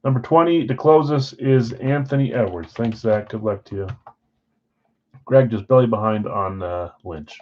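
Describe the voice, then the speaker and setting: A man's voice: mid-range voice, normal speed, darkish tone, highs cut off. A man hosting a live sports card break, casually rattling off player names and who got which spot.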